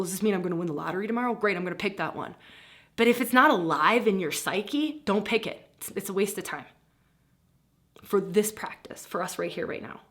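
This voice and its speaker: Middle-aged lady teaching a spiritual practice, breezy and animated, laughs a lot, mid pitch. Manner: animated, breezy, laughs often, acts out inner voices.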